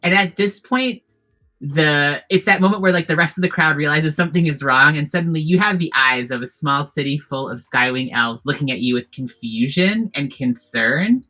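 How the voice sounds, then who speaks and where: Bright, rambling tabletop game master. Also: medium pitch, moderate pace, hardly any pauses, rough recording. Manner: rambling, heavy with fillers and restarts.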